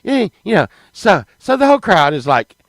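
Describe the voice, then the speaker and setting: A man telling a rambling, profane comic story, swinging between loud excited bursts and low mutters. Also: normal speed, no room sound, low-quality recording. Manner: profane, rambling, animated, with sudden drops to mutters.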